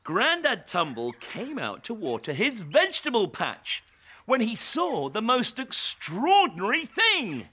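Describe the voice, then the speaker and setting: A man narrating a children's story in a playful, expressive way, inviting children to join in. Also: high-pitched, measured pace, a little hiss or hum. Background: children's music.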